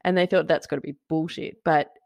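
A woman co-hosting a chatty podcast, her voice sitting on the lower side for a woman. She tells her story with relish, gleeful and animated, swearing now and then. The sound is dry and close, with no room echo. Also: brisk, creaky. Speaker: podcast co-host. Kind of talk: casual chat.

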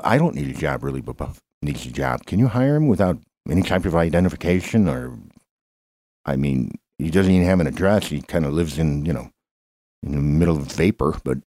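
Man doing a low, teasing deadpan buddy. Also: dry recording, studio quality. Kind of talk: improvised comedy bit.

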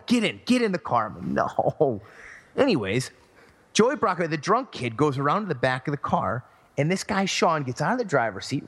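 A man's voice: a little high, fairly bright tone. A man co-hosting a podcast, telling a story casually and acting out the voices of the people in it. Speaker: podcast co-host. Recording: long hall reverb.

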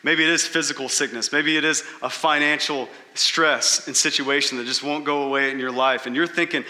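A male pastor preaching a sermon in a lively, conversational way, dropping his voice low to stress key points. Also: fairly quick, hardly any pauses, in a large hall.

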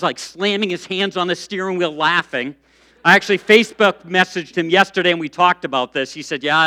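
Middle-aged male pastor, high bright voice, lively storytelling sermon. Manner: lively storytelling, frequent restarts and fillers.

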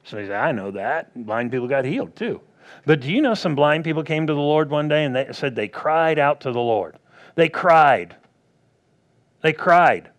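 A man preaching a sermon, acting out quoted voices and swinging between loud bursts and hushed asides. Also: fairly high pitch, lively intonation, brisk.

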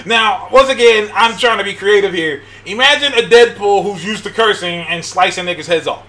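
A man in casual chat, excitable and laughing as he pitches ideas, swearing freely along the way. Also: normal speed.

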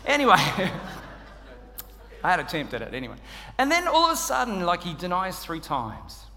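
An Australian man delivers a sermon with a high, bright voice, joking at his own expense as he tells the story. His voice carries a long reverb from the church hall around him. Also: normal speed. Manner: humorous, self-deprecating, animated storytelling. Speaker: preacher.

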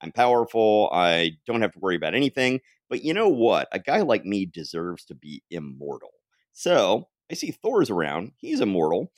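A man's voice: fairly low pitch, sing-song, moderate pace, no room sound, clean studio sound. A man doing a smug, greedy villain. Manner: smug, musing aloud. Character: greedy, arrogant male villain chemist.

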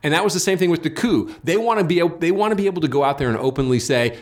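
A man's voice: fairly high pitch, lively intonation, racing, hardly any pauses. A man, the guest in a casual political conversation, talking emphatically and argumentatively, often repeating words as he builds his points. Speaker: interview guest.

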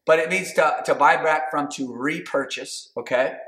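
A man preaching a sermon, building to shouted calls and asking the congregation to respond. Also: on the high side, moderate pace. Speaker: pastor. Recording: roomy echo.

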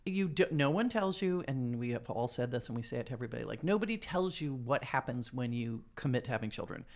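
A woman's voice: a bass voice, lively intonation, fast talker, darkish tone. A woman hosting a casual chat, talking in loose, rambling sentences and laughing often. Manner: chatty, laughs often, trailing restarts. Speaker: podcast host.

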